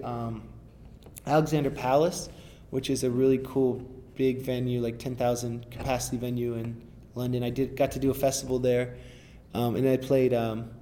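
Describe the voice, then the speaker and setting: A man's voice: mid-range voice, warm tone. A man, a rapper, talking casually in an interview, rambling and restarting often with enthusiasm.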